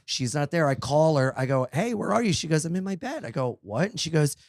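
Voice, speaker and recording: Animated man telling a story. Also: fairly high pitch, fairly quick, dry recording, clean studio sound. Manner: animated, acts out quoted voices. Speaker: podcast host. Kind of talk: casual comedic storytelling.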